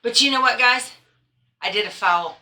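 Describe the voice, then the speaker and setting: Bright, chatty woman quilting host. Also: a little high, moderate pace. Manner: chatty, self-deprecating, laughs often. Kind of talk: casual chat to camera. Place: at home, tractor outside.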